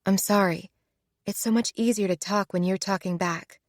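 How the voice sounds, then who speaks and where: A woman voicing an expressive young woman in a romance audiobook, close and dry. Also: medium pitch, moderate pace, no room sound, lightly acted. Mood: earnest. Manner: animated, shrieks when startled. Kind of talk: audiobook character voice.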